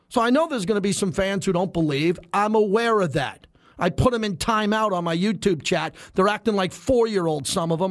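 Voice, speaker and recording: A man's voice: high voice, no echo, studio quality. A middle-aged man hosting a sports radio show, brash and heated, firing off rhetorical questions in a talk-radio monologue.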